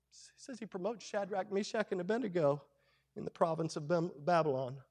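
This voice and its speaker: Fervent male Baptist preacher, very high voice, dramatic swells in volume. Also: lively intonation, moderate pace, pauses often. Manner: impassioned preaching, swings from hushed to loud. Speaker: Baptist pastor. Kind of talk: sermon.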